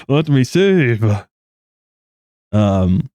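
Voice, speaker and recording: A man's voice: lowish voice, big pitch swings, slow pace, pauses often, mellow, no echo. A man streaming a video game, reading its story text aloud dramatically and dropping wry asides between passages. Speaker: gaming streamer. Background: game music.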